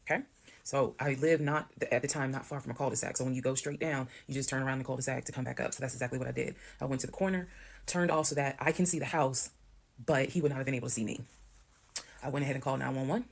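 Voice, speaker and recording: A woman from Georgia, telling a personal story to camera in a lively way and acting out the voices of the people in it. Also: rumbling low, quick pace, creaky. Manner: animated, acts out quoted voices. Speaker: storyteller in a TikTok clip. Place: played clip heard on a stream.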